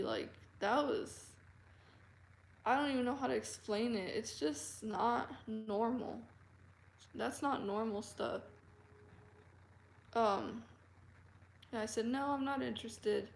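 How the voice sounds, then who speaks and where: A woman telling a personal story to camera in an earnest, halting way, full of fillers and restarts. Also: a little high, gravelly, a little hiss or hum. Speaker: vlogger. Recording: roomy echo.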